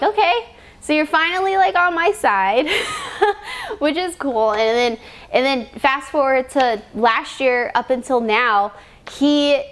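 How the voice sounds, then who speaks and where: A young woman, a drag racing driver, telling an excited story in an interview, laughing often and restarting her sentences. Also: on the high side.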